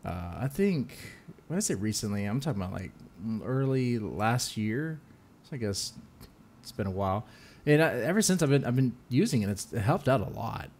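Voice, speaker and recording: A man hosting a casual podcast, talking loosely with quick jokes and frequent laughs. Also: mid-range voice, big pitch swings, darkish tone, a little hiss or hum. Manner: loose, jokey, laughs often, quick asides. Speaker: podcast host.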